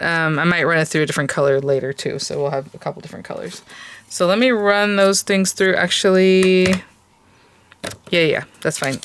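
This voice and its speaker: A woman's voice: fairly low pitch, a bit bright, a little hiss or hum. A woman hosting a casual crafting tutorial, chatting and thinking aloud with plenty of hesitant fillers.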